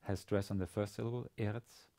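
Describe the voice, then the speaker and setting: A man lecturing on a language lesson, speaking haltingly with many fillers and restarts. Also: on the low side, steady tone, dark tone. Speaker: university lecturer.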